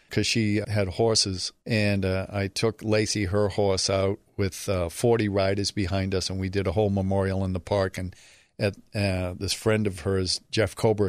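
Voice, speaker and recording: A man telling a long personal story in an interview, lively and acting out other people's voices, turning quieter at the sad parts. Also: lowish voice, no room sound, clean studio sound. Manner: animated, acts out the voices of people he quotes. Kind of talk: conversational storytelling.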